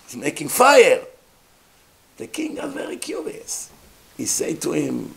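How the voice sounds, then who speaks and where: A man telling stories in an animated sermon, acting out the characters. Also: a little high, unhurried, gravelly, long pauses. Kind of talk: storytelling sermon.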